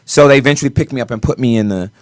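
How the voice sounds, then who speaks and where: A man in a mid-range voice recounts a personal ordeal on a talk show. He talks in animated bursts, dropping low and then rising loud. The sound is close and dry, with no room around it. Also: very fast, dry recording. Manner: animated storyteller with sudden swings in loudness. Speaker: guest choreographer.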